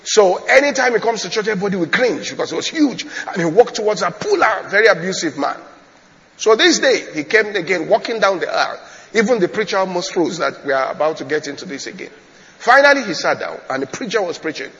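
A male pastor with a fairly high voice preaches a storytelling sermon. He repeats his phrases and keeps checking on his listeners. The sound is dull and hangs in a long hall reverb. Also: animated, a little fast, a bit bright.

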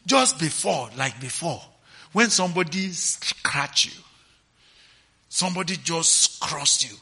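A man preaching a sermon, swinging between quiet, slow lines and sudden shouts, often asking the listeners if they understand. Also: fairly high pitch, expressive, creaky, husky.

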